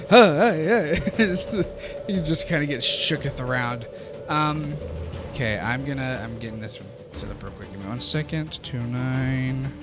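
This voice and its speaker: A man narrating as game master of a tabletop game, halting and laughing often. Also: mid-range voice, loud music behind the voice.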